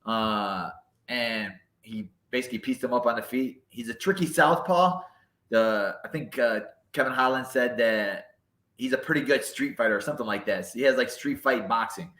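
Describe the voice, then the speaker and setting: A man with a bright, forceful voice gives laid-back fight breakdowns on a casual podcast. His voice sounds in an echoey room. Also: medium pitch, normal speed.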